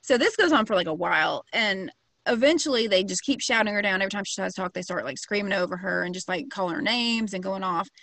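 A woman's voice: medium pitch, lively intonation, quick pace, a bit bright, no room sound. Brief: a woman, casual storyteller, slangy and sweary, dry close sound. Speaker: podcast co-host telling a true crime story. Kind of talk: casual chat.

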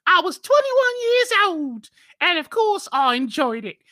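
A woman's voice: extremely high pitch, big pitch swings, unhurried, fairly bright tone, no echo, studio quality, pitched above the performer's own voice, exaggerated voice. A woman voicing a young lady in an exaggerated, sing-song mock-posh English accent. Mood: bragging.

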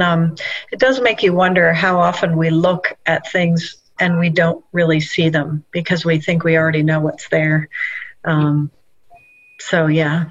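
A woman's voice: on the low side, muffled recording. A woman author co-hosting a faith podcast, musing thoughtfully about perception and often chiming in to agree. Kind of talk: conversational faith podcast discussion.

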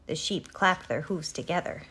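A woman reading a children's picture book aloud in an expressive, animated way. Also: low-pitched, moderate pace, husky. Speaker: reader.

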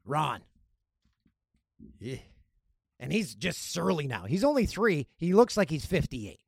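A man hosting a podcast, telling stories in a casual, animated way and acting out other people's lines. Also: fairly high pitch, measured pace, vocal fry, slightly rough, dry recording, clean studio sound. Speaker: podcast host. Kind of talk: casual storytelling.

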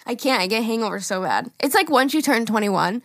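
With studio-quality, echo-free sound, this podcast co-host in her twenties talks fairly quickly in a voice on the high side. Her casual storytelling is animated, peppered with frequent laughter and swearing.

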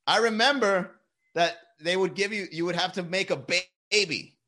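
A man's voice: sits high, moderate pace, sharp tone. A young man chatting casually on a live stream, telling loose, profane stories and laughing often.

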